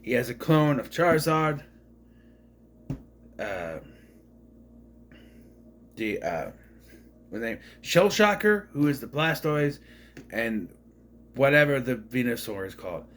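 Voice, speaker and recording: Male reviewer from Minnesota, lively pitch, casual, self-correcting, dry asides. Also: takes it slowly, pauses often. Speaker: movie reviewer. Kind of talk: casual movie recap.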